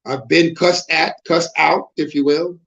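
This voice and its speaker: High-voiced impassioned male preacher. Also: fairly even intonation, measured pace, vocal fry, fairly bright tone. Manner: impassioned, rhetorical questions, repeats words. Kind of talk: preaching sermon. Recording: dull lo-fi broadcast audio.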